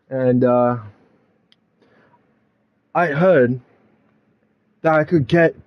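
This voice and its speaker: Man doing a scheming wrestling champ, fawning, rushed bargaining, mellow tone. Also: on the high side, dull audio.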